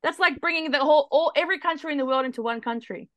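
A woman's voice: high voice, very fast, a bit bright, no echo. A woman with an Australian accent rambling in a casual group chat, filling with "like". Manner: rambling, lots of fillers like "like".

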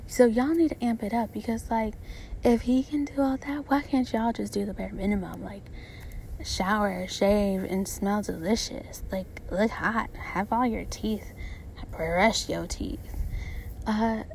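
A woman's voice: mid-range voice, fairly even intonation, a little slow, gravelly, a little mellow, a little hiss or hum. A young woman hosting her own podcast, talking in a blunt, profane, rambling way full of fillers. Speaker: podcast host. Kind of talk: casual solo podcast monologue.

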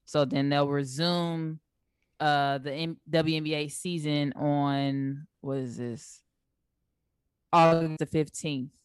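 A young woman co-hosting a casual sports chat show, laughing often and walking through stats in relaxed slangy talk. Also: deep voice, slow pace, smooth, dry recording, studio quality. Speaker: co-host.

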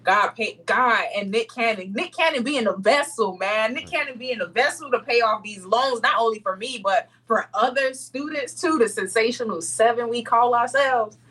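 A young adult woman speaking as an interview guest, expressive and heartfelt, laughing often in casual chat. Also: on the high side, normal speed, few pauses, breathy edge, poor audio.

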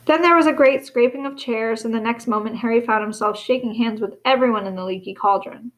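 A woman reading a storybook aloud in a steady, expressive narration. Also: on the high side, brisk, poor audio. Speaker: audiobook reader.

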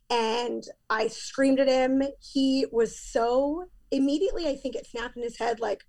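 A woman's voice: on the high side, a little slow, hardly any pauses, a little mellow. A woman in her thirties, a podcast guest, telling a painful personal story in a candid, emphatic way.

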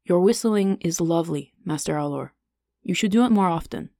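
A woman reading the lines of a calm, courtly elvish king in a smooth, unhurried voice. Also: on the low side, dry recording, studio quality. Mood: composed. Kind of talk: audiobook character reading.

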